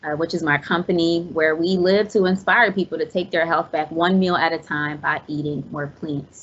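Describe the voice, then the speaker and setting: Woman host; low, measured and thoughtful, somewhat dull recording. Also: husky. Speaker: podcast host. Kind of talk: conversational podcast interview.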